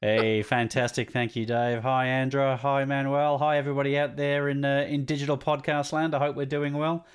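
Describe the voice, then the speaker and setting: A man's voice: medium pitch, little pitch movement, moderate pace, hardly any pauses, clean tone. Aussie guy cohosting a podcast, chatty, laughs a lot. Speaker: podcast co-host. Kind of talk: casual chat.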